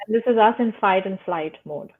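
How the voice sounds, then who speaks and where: A woman with a medium-pitched voice speaks fairly quickly as a guest on a remote call, the audio thin and tinny like a phone line. Explaining the nervous system casually and thoughtfully, she uses simple everyday metaphors and often says "right?".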